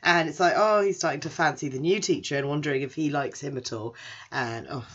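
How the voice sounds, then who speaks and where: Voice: mid-range voice, brisk, a bit bright, slightly rough. Chatty anime recapper. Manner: chatty, rambling, does character voices. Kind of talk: casual episode recap. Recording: dull lo-fi recording.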